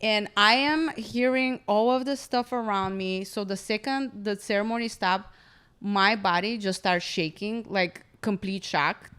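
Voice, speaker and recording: Animated woman telling a wild story. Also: mid-range voice, measured pace, clear, resonant tone. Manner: animated, acts out quotes. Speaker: comedian guest. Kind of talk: casual storytelling chat.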